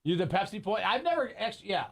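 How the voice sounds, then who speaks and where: Man, 40s, radio show chat, cursing, rambling, animated pitch, slightly high voice. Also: fast, vocal fry. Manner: profane, rambling banter with restarts. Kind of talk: casual chat.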